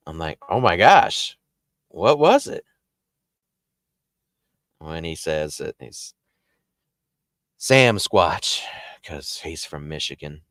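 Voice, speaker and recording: A man casually telling a paranormal story as the show's host, animated and jumping up in pitch when he acts out quotes. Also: dry recording, studio quality. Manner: animated, jumps high when acting out quotes.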